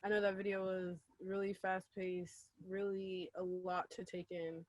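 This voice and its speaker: A woman's voice: fairly low pitch, dry recording. Chatty woman leading a youth workshop. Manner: relaxed and chatty, with many ums and a quick laugh. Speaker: workshop facilitator. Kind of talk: casual online workshop presentation.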